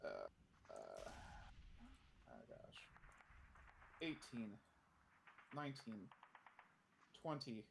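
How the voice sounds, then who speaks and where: A man's voice: fairly low pitch, huge pitch swings, very slow, gravelly, long pauses, background noise. A man playing a board game on a live stream, thinking aloud and counting moves with many fillers.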